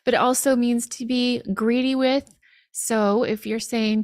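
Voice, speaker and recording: A woman's voice: a little high, fairly even intonation, unhurried, a little mellow, no room sound, studio quality. A woman teaching phrases in a live-streamed language lesson, chatty and laughing at literal translations.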